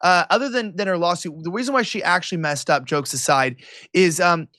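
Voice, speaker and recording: A male political commentator talking as an interview guest, quick and sarcastic, with a mocking edge. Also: high-pitched, sharp tone, dry recording, studio quality. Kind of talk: animated interview talk.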